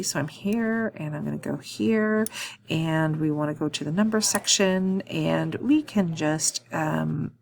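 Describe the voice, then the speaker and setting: A woman walking through a software task in a screen-recorded tutorial, thinking aloud with frequent ums and quick self-corrections. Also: deep voice, gravelly. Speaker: instructor.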